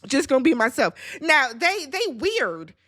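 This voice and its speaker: A woman's voice: high voice, big pitch swings, measured pace, fairly bright tone. A woman in her thirties giving a casual, sassy recap of a reality show and acting out quotes in exaggerated voices.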